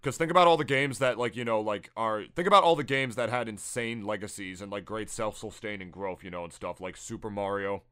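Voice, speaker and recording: Smooth-voiced, sarcastic young man. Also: on the low side, brisk, hardly any pauses, pushed and bright. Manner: sarcastic, blunt, swears. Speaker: podcast co-host. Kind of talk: casual chat.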